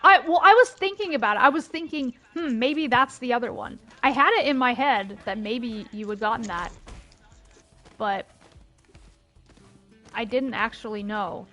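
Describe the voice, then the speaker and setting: A young woman plays a video game alongside a co-host, her voice bright, sharp and a little high. She chats casually and turns excitable, cursing at the game when it goes wrong. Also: moderate pace, pauses often, faint music behind. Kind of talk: casual gaming chat.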